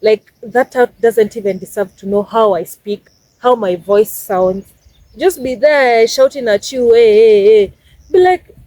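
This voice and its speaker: Young Kenyan woman, husky, mellow tone, emphatic vlog advice, repeats herself. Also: a little high, no echo, low-quality recording. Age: 20s. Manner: emphatic, repeats phrases for stress. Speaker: vlogger. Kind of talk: casual advice talk.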